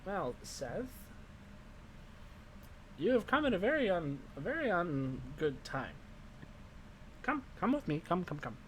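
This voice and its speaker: Old crone witch, creaky and drawn out, high and wheedling, a man puts her on. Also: big pitch swings, unhurried, long pauses, fairly bright tone, a little hiss or hum, exaggerated voice. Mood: insistent.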